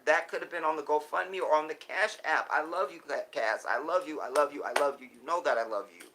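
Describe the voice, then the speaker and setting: A man talking live to his viewers in an emotional monologue, breaking off and restarting, swinging from loud urgent pleas to hushed near-whispers. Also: mid-range voice, low-quality recording. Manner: halting, restarts often. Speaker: live streamer.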